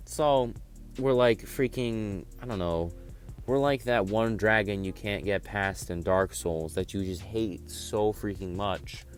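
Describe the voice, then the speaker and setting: A man's voice: lowish voice, clear, resonant tone. A teenage guy telling a school story casually, rambling with lots of fillers. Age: teens. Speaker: vlogger. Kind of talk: storytime vlog.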